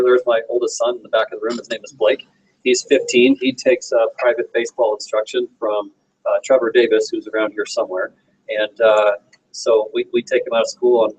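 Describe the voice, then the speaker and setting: A husky-voiced man in his forties stands before a roomful of people and tells a personal story, earnest and direct. He asks the listeners questions as he goes. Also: lowish voice, a little mellow, highs cut off. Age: 40s. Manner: earnest, personal, speaks straight to the audience. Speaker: guest motivational speaker. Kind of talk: personal story told to a meeting audience. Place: meeting room with an audience.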